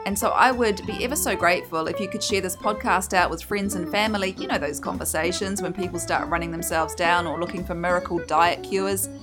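A woman hosting a solo coaching podcast, chatty and encouraging, slipping into playful voices now and then. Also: medium pitch. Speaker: podcast host and weight-release coach.

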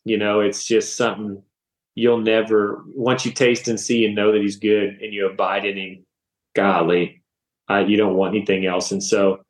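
A man in his thirties, a podcast guest, giving a personal faith testimony in animated, emotional storytelling full of casual slang. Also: on the low side, moderate pace. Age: 30s. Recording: roomy echo.

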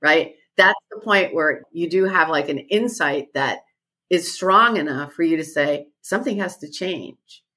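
A woman's voice: deep voice, measured pace, sharp tone. A woman guest who leads retreats, talking thoughtfully in a podcast conversation and repeating her key phrases.

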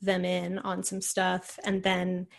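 A woman's voice: lowish voice, completely flat delivery, takes it slowly, gravelly. A young woman, a podcast guest, telling a personal story in a rambling way full of "like" and "you know". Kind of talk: casual conversational storytelling.

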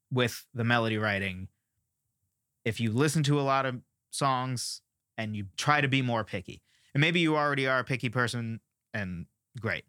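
A man teaching songwriting in a casual, opinionated and animated way, prone to rants. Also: mid-range voice, no echo, clean studio sound.

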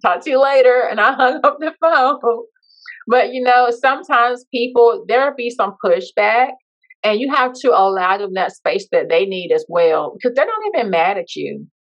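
A woman's voice: on the high side, moderate pace. A woman podcast guest telling her personal story in a heartfelt, reflective way. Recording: dull lo-fi sound.

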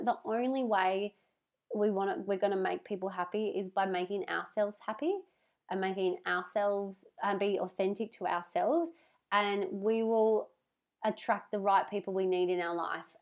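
Woman, podcast host, casual monologue, earnest, emphatic, heartfelt, middle pitch. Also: darkish tone. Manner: heartfelt, talks with hand on heart.

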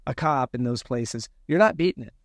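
A man telling his own story in an interview, animated and acting out the dialogue he quotes. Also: medium pitch, brisk, no echo. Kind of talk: conversational storytelling.

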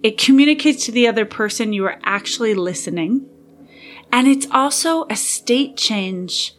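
A woman hosting a podcast for teachers, talking in a friendly, encouraging way with occasional whispered asides. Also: medium pitch. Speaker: podcast host and coach for teachers. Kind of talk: casual solo podcast monologue.

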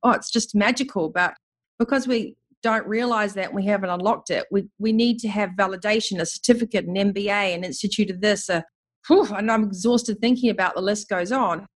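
A woman's voice: mid-range voice, a little fast. Woman host gushing about surrender and trust, flowing and upbeat. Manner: enthusiastic, flowing, expressive. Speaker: podcast host. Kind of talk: spiritual conversation.

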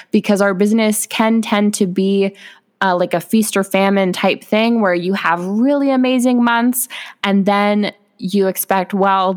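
A woman hosting a motivational podcast, talking directly to realtors in an upbeat, encouraging way. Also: medium pitch. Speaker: podcast host, realtor coach.

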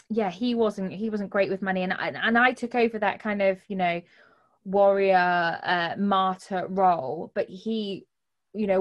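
A woman's voice: medium pitch, dull audio. A woman in a casual chat, speaking frankly and swearing casually.

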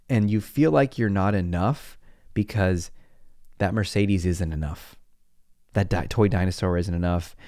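A man's voice: on the low side, no echo, clean studio sound. A middle-aged man, a psychologist, telling stories in a podcast monologue, acting out scenes and laughing often. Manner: animated storytelling, acts out scenes, laughs often.

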